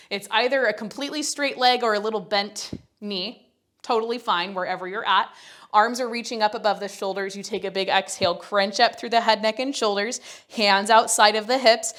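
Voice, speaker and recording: A woman's medium-pitched, fairly bright voice leads a Pilates class through a guided workout. She exercises along, slightly winded, chatting cheerfully and counting out each rep.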